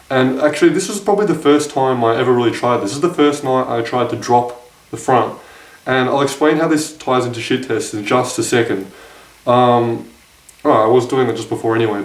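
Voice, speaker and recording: Young male vlogger, mid-pitch, rambling and self-correcting, a bit off-mic in a roomy space. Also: far from the mic. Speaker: dating advice vlogger. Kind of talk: casual storytelling to camera. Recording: echoey room, voice off-mic.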